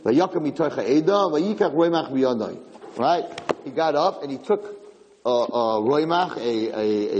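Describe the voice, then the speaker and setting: Excitable male Torah teacher, echoey. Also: mid-range voice. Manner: excitable, repetitive, many restarts. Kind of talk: Torah lesson.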